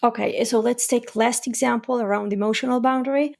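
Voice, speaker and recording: Gravelly-voiced woman coaching parents. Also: on the high side, a little fast. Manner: calm, explanatory, gives examples. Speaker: parent coach and podcast host. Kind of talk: solo advice podcast.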